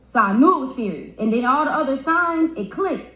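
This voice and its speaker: A woman's voice: sits high, animated, a little fast, sharp tone. A young woman telling a story on a livestream, stumbling and repeating words as she gets upset. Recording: roomy echo.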